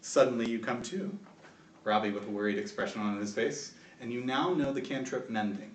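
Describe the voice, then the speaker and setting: A man's voice: mid-range voice, brisk, distant mic, a little hiss or hum. Man narrating a tabletop game. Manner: storytelling, laughs between shouted guard voices. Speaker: game master. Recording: echoey room, voice from off-mic.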